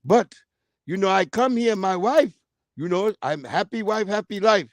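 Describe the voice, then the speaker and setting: A man voicing a cheerful, chatty male food vendor who speaks in slow, halting broken English. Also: high voice, no room sound, clean studio sound, close to an everyday voice.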